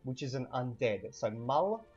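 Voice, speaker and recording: A man teaching vocabulary in a casual lesson, repeating each word slowly with fillers. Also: medium pitch, lively intonation, a little mellow, lo-fi sound, soft background music. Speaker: language teacher.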